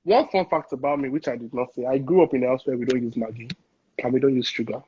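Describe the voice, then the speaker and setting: A man's voice: mid-range voice, fast, dull audio, background noise. A man, a chef guest chatting playfully in an interview, laughing often and slipping into Pidgin. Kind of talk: casual interview chat.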